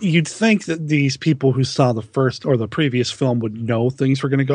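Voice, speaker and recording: A man's voice: mid-range voice, normal speed, darkish tone, husky, no room sound. A man co-hosting a podcast, chatting casually about films with a self-deprecating, laughing manner. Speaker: podcast co-host. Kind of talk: casual film discussion.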